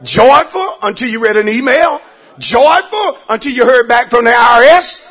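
A pastor preaching to his church, calling for responses and rising into shouts. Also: very high voice, lively intonation, moderate pace. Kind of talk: call-and-response sermon.

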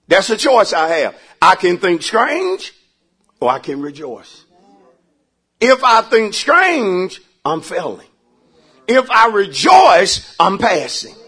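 A pastor preaching to his church, calling for responses and rising into shouts. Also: high voice, wildly swooping pitch, slow, slightly rough. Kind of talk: call-and-response sermon.

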